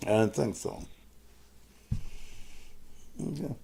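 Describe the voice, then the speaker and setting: A man's voice: fairly low pitch, takes it slowly, gravelly, pauses often, warm tone. A man hosting his own live stream, talking to commenters in a profane, combative way. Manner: profane, combative, cusses out viewers. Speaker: host of his own show.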